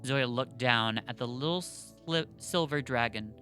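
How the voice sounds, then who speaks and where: A man co-hosting a podcast in casual chat, excitable and rambling, full of fillers. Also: medium pitch, measured pace, soft background music. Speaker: podcast co-host.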